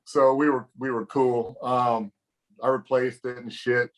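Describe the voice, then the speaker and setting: A man's voice: mid-range voice, level tone, a little slow. A man, a former pro wrestler, casually telling a locker-room story in a profane, laid-back way.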